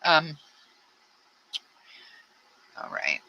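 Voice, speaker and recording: Blunt, sharp-voiced woman on true crime. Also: drawn-out words, highs cut off. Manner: rambling, blunt, frustrated asides. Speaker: true crime channel host. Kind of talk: casual true-crime commentary.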